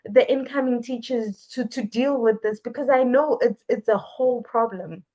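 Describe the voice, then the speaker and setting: A woman's voice: on the high side, moderate pace, mellow. A woman hosting a podcast interview, asking earnest, searching questions in a casual chat. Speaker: podcast host.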